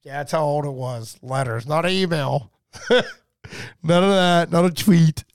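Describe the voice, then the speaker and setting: A man in his forties with a high-set voice and a gravelly crackle running through it. He is a guest on a podcast, spinning a loud, profane story with plenty of swagger. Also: measured pace. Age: 40s. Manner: rowdy, profane, animated storyteller. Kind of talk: casual storytelling.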